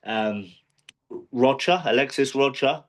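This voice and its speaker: A professional boxer, a guest in a casual interview, rambles through his story with fillers and restarts. His mid-pitched voice is plain and conversational, and he speaks slowly.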